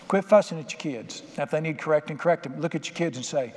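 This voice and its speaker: Older folksy preacher in a reverberant hall. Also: male voice, fairly high pitch, quick pace, hardly any pauses, a little hiss or hum. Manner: folksy, conversational preaching with acted-out quotes. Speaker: pastor. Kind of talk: sermon. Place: church sanctuary. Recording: reverberant hall with faint ambience.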